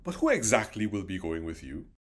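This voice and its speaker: A proud, angry king barks orders in a commanding voice, read by a man. His pitch swings widely as he shouts and retorts. It sounds like a dramatic reading of a scripture story. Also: big pitch swings, brisk. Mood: defiant.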